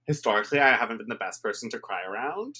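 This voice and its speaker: A man's voice: mid-range voice, lively intonation, fast talker, sharp tone, slightly rough. A man co-hosting a podcast, chatting casually and laughing between profane remarks. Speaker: podcast co-host. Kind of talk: casual chat recapping a reality show.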